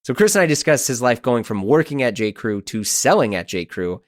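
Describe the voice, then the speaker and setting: A man in his thirties hosting a podcast, telling a story in an animated, exasperated, self-mocking way. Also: mid-range voice, a little fast, no echo, clean studio sound. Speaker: podcast host. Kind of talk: casual storytelling monologue.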